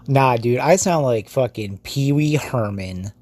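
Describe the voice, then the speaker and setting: A man's voice: medium pitch, unhurried, a little mellow, no room sound. A man rambling through a casual, profane, giggly story in a phone voice message. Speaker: vlogger.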